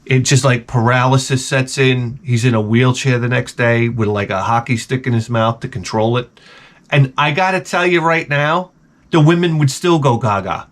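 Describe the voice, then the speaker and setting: A man's voice: mid-range voice, moderate pace. A middle-aged man with a Long Island accent, telling a rambling, sarcastic, profane story to camera. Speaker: vlogger. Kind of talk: ranting comedic storytelling.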